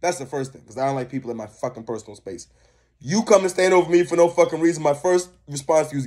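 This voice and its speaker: A man's voice: fairly high pitch, fast talker, a little mellow. A young man co-hosting a reaction video, ranting in heated, profane casual commentary.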